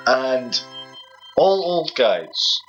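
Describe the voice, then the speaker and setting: A man's voice: medium pitch, big pitch swings, drawn-out words. A young man from Scotland with a Scottish accent, teasing his friend in casual banter while they play a video game. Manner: teasing, mock-pompous. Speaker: co-host of a gaming video. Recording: dull lo-fi sound with game music.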